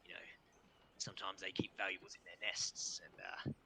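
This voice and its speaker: A man's voice: deep voice, level tone, moderate pace, gravelly, bright, forceful tone, a little hiss or hum, full character voice. A man doing a grumbling, bitter prisoner. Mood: grudging. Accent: Australian. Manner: grumbling, hesitant, drops to a mutter. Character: gruff, surly male prisoner, tied up and bitter. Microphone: online voice call.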